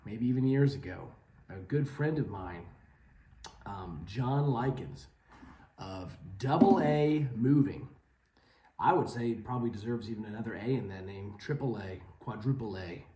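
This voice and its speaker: A man giving a rambling, deadpan, mock-serious comedic monologue from his home basement. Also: mid-range voice, roomy sound. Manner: rambling, deadpan, tangent-prone. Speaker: comedy video host.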